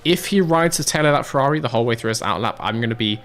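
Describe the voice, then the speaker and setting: A man's voice: mid-range voice, animated, very fast, fairly bright tone. A young British man casually commentating a racing manager game, chatting and answering chat in a rambling, swearing way. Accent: British English. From Britain.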